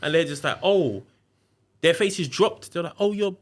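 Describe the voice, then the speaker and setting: Here a man's slightly high voice moves a little slowly as he guests on a podcast. He narrates an anecdote casually, peppering it with slang and animatedly voicing each person he quotes.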